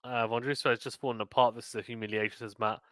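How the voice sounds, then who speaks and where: Bright-voiced man calling tennis. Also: medium pitch, fairly even intonation, rapid-fire, dry recording. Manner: reads viewer comments aloud and chats between points. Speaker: live stream commentator. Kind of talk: casual play-by-play and chat reading.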